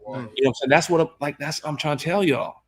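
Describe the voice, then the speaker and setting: Fast-talking man telling his story. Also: fairly high pitch, steady tone. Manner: fast, emphatic, profane storyteller. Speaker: podcast guest. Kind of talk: casual storytelling.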